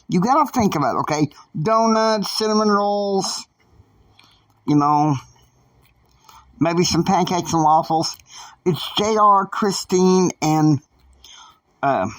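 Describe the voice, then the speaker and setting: Slow, rambling male storyteller. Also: fairly high pitch, dry recording. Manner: rambling, halting, with many fillers. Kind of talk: improvised saga narration. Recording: dry sound from a distant mic.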